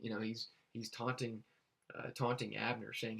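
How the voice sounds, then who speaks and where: A man reading Bible verses aloud and explaining them in a halting way, with many fillers and restarts. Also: on the low side, little pitch movement, vocal fry, a bit bright, husky. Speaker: Bible teacher.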